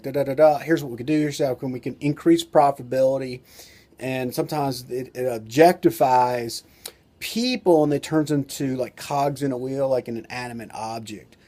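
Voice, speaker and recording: A man's voice: medium pitch, mellow. A man who is a doctor and author gives an informal talk-to-camera lesson, rambling loosely with lots of "you know" and "like".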